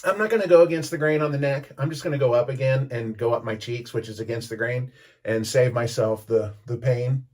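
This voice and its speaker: A man's voice: mid-range voice, a little fast, a little mellow. A man telling a rambling story in a casual vlog, stopping to comment as he shaves. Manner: rambling, self-interrupting, chatty. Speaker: vlogger. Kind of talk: casual storytelling while shaving.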